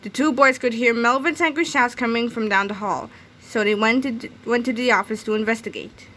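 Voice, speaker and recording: A woman reading a children's chapter book aloud in a lively storytelling manner. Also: on the high side, fairly quick, slight background noise. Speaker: read-aloud narrator.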